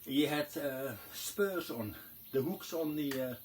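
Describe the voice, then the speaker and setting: A man who works as a tour guide telling a comic story, animated, dropping to hushed tones for suspense. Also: on the high side, slow pace, a little hiss or hum.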